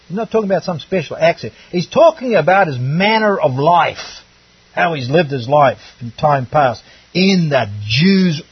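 A man's voice: on the high side, husky, no room sound, recorded from a distance, muffled recording. A man preaching a sermon on a Bible passage, from outside the United States, emphatic and full of rhetorical questions.

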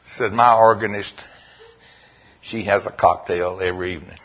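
Male preacher, husky, storytelling sermon, muffled lo-fi sound. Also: steady tone. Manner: storytelling, quoting scripture in a slow, lowered voice. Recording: dull lo-fi recording.

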